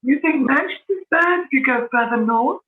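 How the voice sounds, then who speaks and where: This London woman, an author appearing as a podcast guest, speaks in a high-sitting voice at a moderate pace with a British accent. She talks matter-of-factly about her life in a relaxed interview chat, heard over a tinny, phone-like line.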